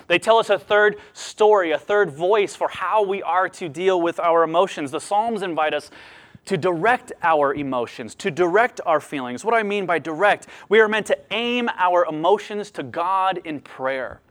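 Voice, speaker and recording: A man with a high-pitched voice preaching a sermon. He speaks expressively, with his voice climbing for emphasis and dropping low for quieter points. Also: normal speed. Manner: expressive preaching, lively rises and drops. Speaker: pastor.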